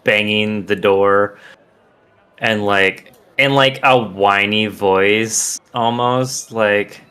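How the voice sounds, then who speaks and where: A man's voice: lowish voice, steady tone, extremely slow, bright, forceful tone, clear, resonant tone. A man playing a tabletop game, talking loosely with many fillers. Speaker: player.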